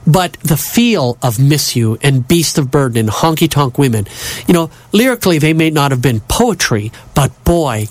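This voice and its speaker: A man's voice: fairly high pitch, very animated, moderate pace, no echo. A man hosting a radio show, talking about music in an enthusiastic, casual way and often repeating himself. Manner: enthusiastic, repeats words, exclaims "boy".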